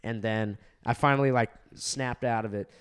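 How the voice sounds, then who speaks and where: A man's voice: medium pitch, steady tone, normal speed, clean tone. A young man from Southern California, a comedian, telling a long story in casual chat, rambling with lots of fillers, laughs and swearing. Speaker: comedian podcast co-host.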